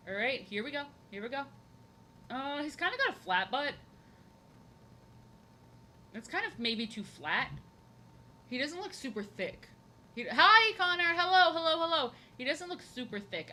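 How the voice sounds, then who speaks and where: Chatty woman streamer with a bright voice. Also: medium pitch, a little hiss or hum, poor audio. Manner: chatty and rambling, repeats phrases, playful. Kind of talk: casual chat while drawing on a live stream.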